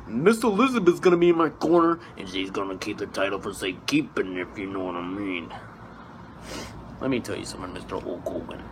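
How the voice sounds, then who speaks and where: A man impersonating a brash male pro wrestler, growling and swinging wildly from low rasp to yelling. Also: expressive, fairly quick, noisy background. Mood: hyped.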